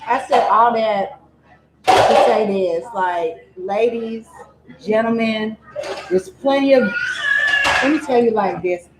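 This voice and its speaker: A woman vlogger telling a true-crime story in a chatty, digressive way, full of animated asides. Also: a little high, takes it slowly, pauses often, echoey room, very noisy.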